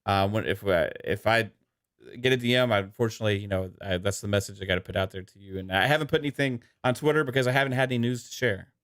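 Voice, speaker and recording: Laid-back male podcast host, bright voice, rambling with fillers. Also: fairly low pitch, fast talker, dry recording, studio quality. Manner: relaxed, rambling with many fillers. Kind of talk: casual podcast chat.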